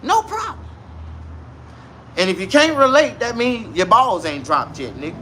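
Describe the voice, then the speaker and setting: Guy going off on a crude comic rant, high bright voice, bit of hiss behind. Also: moderate pace. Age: 40s. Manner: loud, crude, animated street slang. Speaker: vlogger. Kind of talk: casual comedic rant to camera.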